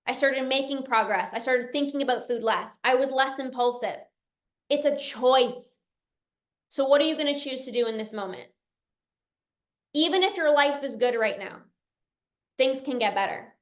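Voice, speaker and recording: A young woman with a high voice gives a heartfelt motivational talk as a coach and podcast host. She speaks earnestly, sometimes close to emotional, and leans on repetition to drive her points home. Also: normal speed, pauses often. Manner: earnest, emotional, repeats phrases for emphasis. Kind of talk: motivational talk, reading out member comments.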